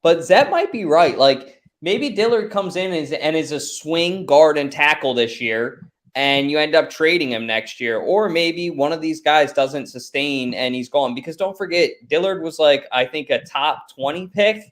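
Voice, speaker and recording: A man co-hosting a sports podcast, talking casually and thinking out loud with hedges and asides. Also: a little high, lively intonation, moderate pace. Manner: rambling, hedging, thinks out loud. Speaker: podcast co-host.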